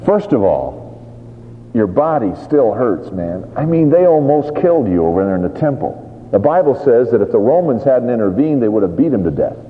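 A man preaching a sermon, telling a Bible story with lively, acted-out scenes. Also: mid-range voice, moderate pace, a little hiss or hum. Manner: animated storytelling, acts out scenes. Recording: tinny phone-like sound in a reverberant hall.

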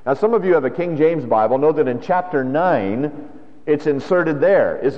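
A man's voice: on the high side, lively intonation, normal speed. Male pastor, conversational sermon delivery, lo-fi church recording with long reverb. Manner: conversational preaching with rhetorical questions. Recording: dull lo-fi sound with long hall reverb.

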